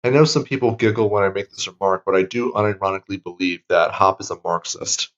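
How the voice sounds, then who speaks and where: A laid-back man co-hosting a political commentary stream, speaking with plenty of fillers. His voice sits low and comes through a dull, lo-fi mic. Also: fast talker, fairly bright tone. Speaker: co-host.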